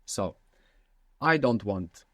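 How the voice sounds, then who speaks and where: A man's voice: lowish voice, animated, very slow, sharp tone, no room sound. A man teaching a language lesson, patiently prompting his student with questions.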